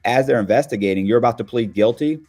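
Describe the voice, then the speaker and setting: A man's voice: mid-range voice, fast, a little mellow, soft background music. A man in his fifties who speaks bluntly and streetwise in a casual podcast conversation. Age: 50s. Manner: blunt, streetwise, acts out quoted voices. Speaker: guest commentator.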